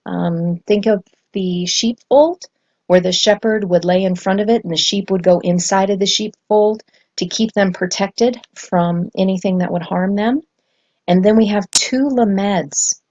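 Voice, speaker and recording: A woman giving a spontaneous scripture lesson, earnest and excited, with frequent ums and self-corrections. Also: medium pitch, measured pace. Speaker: spiritual teacher. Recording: dull lo-fi sound.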